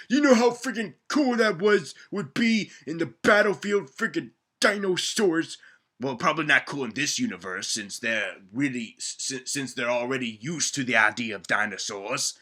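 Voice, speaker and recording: A young man rambles through a comedic movie recap, excitable and swearing. His pitch swoops widely. His voice sits a little high. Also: moderate pace.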